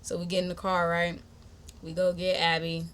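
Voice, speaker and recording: A young woman hosting a podcast, telling a personal story in a chatty, animated, slangy way and talking straight to her listeners. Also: on the low side, moderate pace. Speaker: podcast host. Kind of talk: casual storytime.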